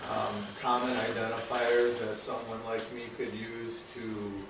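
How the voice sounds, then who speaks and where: A man in the audience asking a hesitant question, with pauses and fillers. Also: lowish voice, little pitch movement. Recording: very echoey room, far from the mic, background noise.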